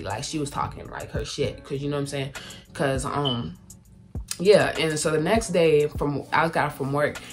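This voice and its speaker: A young woman telling a personal story in candid, profane casual talk, acting out other people's lines. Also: low-pitched. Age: young adult. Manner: candid, profane, quotes people in raised voices. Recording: music playing loudly behind.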